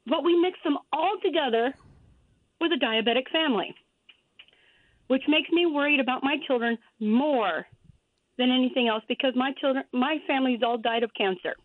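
High-voiced woman caller on tinny phone. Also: normal speed, no room sound. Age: 50s. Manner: rambling, chatty, laughing as she talks. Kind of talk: call-in radio chat. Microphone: telephone.

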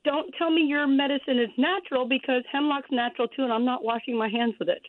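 High-voiced woman caller on tinny phone. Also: fairly even intonation, fast, slight background noise. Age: 50s. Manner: rambling, chatty, laughing as she talks. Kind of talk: call-in radio chat. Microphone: telephone.

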